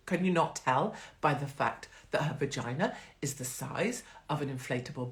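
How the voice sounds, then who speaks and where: A woman's voice: on the low side, very animated, normal speed. A woman hosting a live stream in a blunt, profane, chatty and rambling way. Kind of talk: casual live-stream chat.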